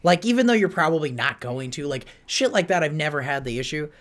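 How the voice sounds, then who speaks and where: A man in casual chat, relaxed and laid-back, reacting with quick laughs. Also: fairly high pitch. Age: late 20s or older. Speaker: podcast co-host, tattoo artist.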